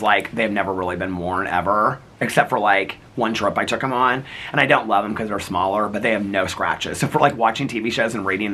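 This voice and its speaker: A man's voice: fairly low pitch, bright, forceful tone, slight background noise. A middle-aged man vlogging in a rambling casual chat, laughing often as he talks.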